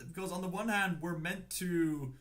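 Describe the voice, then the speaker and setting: A man with a Scottish accent chatting casually on a livestream as he ranks animated films. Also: sits high. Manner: unhurried, chatty, with lively rises and falls. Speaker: streamer ranking animated films.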